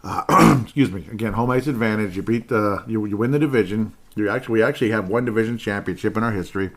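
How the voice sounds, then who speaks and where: Host read: lowish male voice, rambling excitable sports podcast monologue, repeats lines. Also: fast. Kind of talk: solo sports podcast rant.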